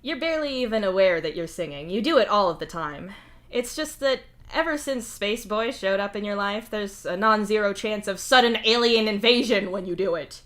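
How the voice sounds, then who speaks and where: A woman reading fan fiction aloud in a steady, wry second-person narration. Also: mid-range voice, moderate pace. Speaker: fanfic reader.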